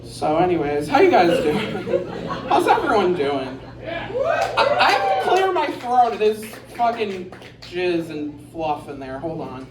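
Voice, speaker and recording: A woman's voice: fairly low pitch, sing-song, slow, heavy background noise. A woman doing a stand-up set in a bar, rambling and crude, mocking herself on a handheld mic. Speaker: stand-up comedian. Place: bar with a live audience. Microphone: handheld stage mic. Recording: roomy bar, distant mic, crowd laughter.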